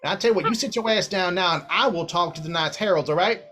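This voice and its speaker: A man voicing a bossy, proud female dragonborn wife who talks in a sharp, scolding redneck drawl. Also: a little high, lively intonation, a little slow, slight background noise.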